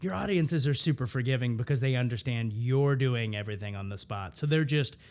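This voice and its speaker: A man in his thirties, an improviser, telling stories in a casual interview and acting out quoted lines in a higher voice. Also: brisk. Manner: animated storyteller, acts out quotes in a higher voice. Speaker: improviser guest.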